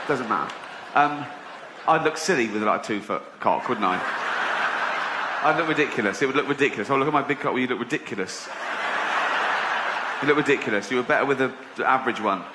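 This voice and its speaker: A man's voice: mid-range voice, lively intonation, fairly quick, pauses often, reverberant, heavy background noise. A middle-aged English man doing stand-up, rambling and self-deprecating, often laughing at his own jokes. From England. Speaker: stand-up comedian. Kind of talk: stand-up comedy routine. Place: theater stage with audience.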